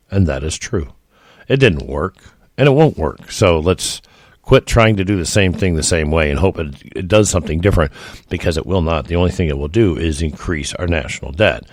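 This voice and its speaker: A man's voice: low voice, brisk, no echo, clean studio sound. A man giving an opinionated solo commentary, folksy and emphatic, often calling his listeners folks.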